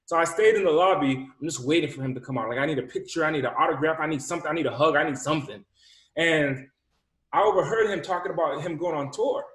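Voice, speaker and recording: A fired-up male motivational speaker from Rhode Island tells a personal story, stumbling over repeated words and acting out both sides of conversations. His voice sits a little high for a man. The recording has a noticeable roomy echo. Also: fairly quick. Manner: energetic, repeats words, acts out dialogue. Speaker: podcast guest, motivational speaker.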